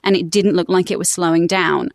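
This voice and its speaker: A woman's voice: lowish voice, steady tone, a little fast, creaky, dry recording, clean studio sound. A woman who works as a voice-over artist, chatting upbeat and laughing often in a podcast interview. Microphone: studio microphone.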